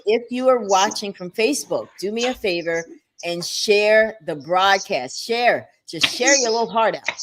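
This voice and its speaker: Chatty, animated woman hosting a talk show. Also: mid-range voice, a little hiss or hum. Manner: animated and chatty, with playful asides.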